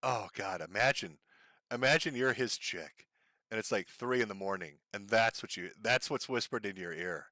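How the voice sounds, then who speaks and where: A man's voice: on the low side, normal speed, bright, forceful tone, no echo. A man hosting a live stream who gives sarcastic, profane commentary on clips and often breaks into laughter. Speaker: stream host.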